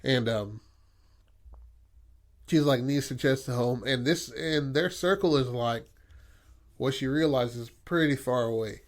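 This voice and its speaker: A man co-hosting a podcast, pitching a story idea in a rambling, profane chat full of fillers. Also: unhurried, pauses often. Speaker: podcast co-host. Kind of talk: casual brainstorming chat.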